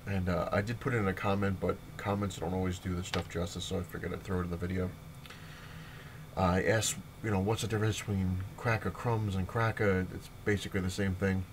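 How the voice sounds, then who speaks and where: A young man with a low voice talks through comics in a loose, rambling vlog. He leans on fillers and chuckles as he goes. A faint room hum sits behind him. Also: fairly even intonation, fairly quick. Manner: rambling, filler-heavy retelling with laughs. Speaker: comic book vlogger. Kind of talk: casual comic review vlog.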